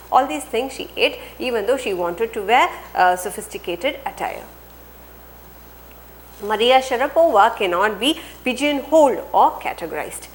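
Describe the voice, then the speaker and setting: A woman's voice: a little high, a little hiss or hum, low-quality recording. A woman teacher with an Indian English accent reads a textbook passage aloud, then explains it line by line, adding "okay" often and asking and answering her own word questions.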